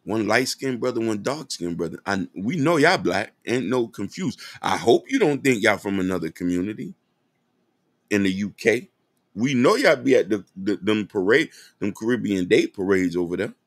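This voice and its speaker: A man's voice: fairly low pitch, big pitch swings, moderate pace, no room sound. A man hosting a podcast, giving an earnest, impassioned commentary monologue that speaks straight to his listeners. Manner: earnest, direct, addresses listeners as y'all. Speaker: podcast host.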